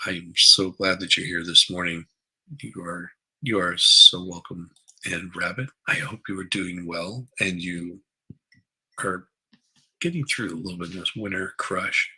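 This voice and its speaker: A man's voice: low-pitched, measured pace, pushed and bright, breathy edge, low-quality recording. A groggy man hosting a casual morning livestream from his basement on a headset, rambling, repeating words and greeting viewers by name. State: groggy after a late night. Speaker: livestream host. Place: basement room at home.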